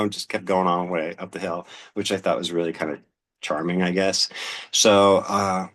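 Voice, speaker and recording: A man with a very deep voice and a Pennsylvania accent talks to the camera as host. His talk is loose and relaxed, full of ums and small restarts. Now and then he reads aloud from an old newspaper. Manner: relaxed, rambling, with many "um"s and restarts.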